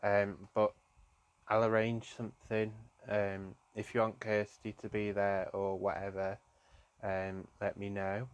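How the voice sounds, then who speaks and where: A man, a psychic medium, gives a live-streamed tarot reading, speaking softly and affectionately to his viewers and calling them "my darling". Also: lowish voice, completely flat delivery, measured pace, clean tone, no room sound, dull audio. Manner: gently emotional, soft-spoken.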